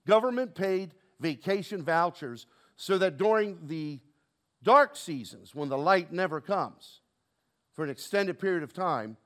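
A man's voice: high voice, fairly bright tone. A man preaching a sermon to his congregation, asking rhetorical questions and calling for responses. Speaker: pastor.

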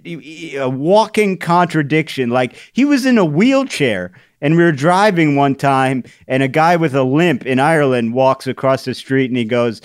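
A man's voice: a little high, lively intonation, normal speed, hardly any pauses, smooth, no echo, studio quality. A man co-hosting a casual podcast chat about crossword puzzles, telling anecdotes and laughing often. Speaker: podcast co-host.

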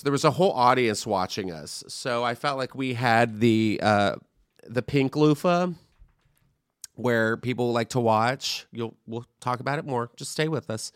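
A man hosting a podcast, telling a chatty, animated story in casual conversation. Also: medium pitch, smooth, dry recording, studio quality. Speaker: podcast host. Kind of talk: casual chat.

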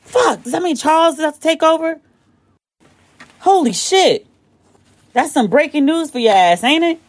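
A woman hosting a casual chat show, talking in an animated way, swearing freely and jumping high in pitch when excited, recorded on her phone. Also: fast, no echo. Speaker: podcast host.

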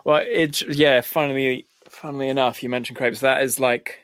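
A man's voice: medium pitch, steady tone, normal speed, fairly bright tone, dry recording. A man with an English accent, a guest in a casual interview, talking in a dry, rambling way with many restarts. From United States. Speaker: musician guest.

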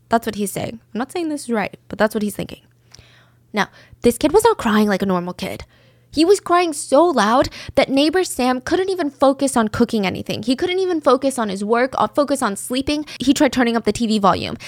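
A woman with a fairly high voice tells a true crime story as if chatting with a friend. She adds casual asides. The sound is close and dry. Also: no echo.

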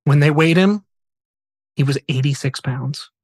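A man's voice: fairly high pitch, unhurried, a little mellow, breathy edge, no echo. A man hosting a podcast, retelling a true story in a casual, earnest, conversational way. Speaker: podcast host.

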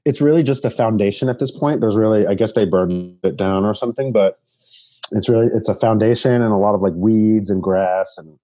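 A man from Long Island, a psychic guest on a chat show, animated and profane, laughing often. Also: fairly low pitch, a little fast. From Long Island, New York. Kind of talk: casual chat.

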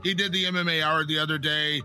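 A blunt, dismissive man with a sharp, very bright voice. He argues his pick on a panel, pitched a little high. Faint music runs behind him. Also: flat delivery, fast talker. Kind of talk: casual debate.

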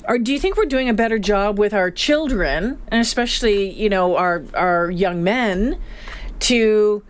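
A woman's voice: medium pitch, a little slow. A woman co-hosting a radio talk show, chatting casually and reading out survey figures. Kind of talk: casual on-air chat.

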